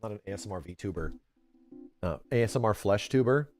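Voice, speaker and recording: A man livestreaming in casual chat with his audience, animated and rambling, swearing freely and calling people bro and dude. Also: lowish voice, fairly quick, faint music behind.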